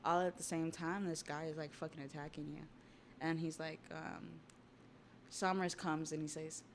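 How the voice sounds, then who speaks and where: A young woman on a casual livestream, talking through a story with excitable chatter and offhand swearing. Her voice sits a little low. It is recorded on a desktop mic. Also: normal speed, a little hiss or hum. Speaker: streamer.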